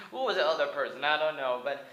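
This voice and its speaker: Someone in their twenties from the US rambles comically through a cartoon movie's plot, with stammering restarts, lots of "like," and occasional singing. The voice is medium-pitched, expressive, and a bit bright at a moderate pace, recorded with roomy sound and the highs cut off.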